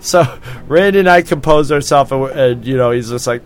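A man's voice: medium pitch, moderate pace, few pauses, slight background noise. A man casually telling a drunken story on a podcast, swearing often, laughing and acting out what people said.

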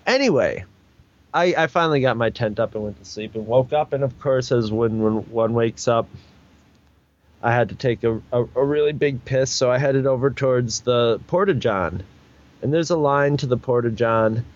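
A man's voice: mid-range voice, normal speed, dull audio. A man telling a long casual anecdote, rambling and restarting often, and acting out other people's lines. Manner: rambling, with many restarts and fillers; acts out other people's lines in raised voices. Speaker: storyteller guest.

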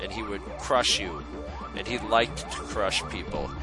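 Animated man telling a story. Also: fairly low pitch, unhurried, loud music behind the voice, low-quality recording. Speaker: podcast host. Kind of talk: casual storytelling.

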